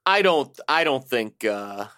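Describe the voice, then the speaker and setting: A man with a mid-range voice co-hosts a casual podcast chat. He is agreeable and laughs often. He pauses on uhs while he thinks. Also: mid-range voice, very animated, bright, forceful tone, clean tone, dry recording, studio quality. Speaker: podcast co-host.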